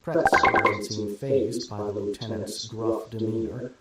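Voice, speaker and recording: A man narrating a first-person story at a steady, even storytelling pace. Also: fairly low pitch, measured pace. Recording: very echoey room with crowd noise.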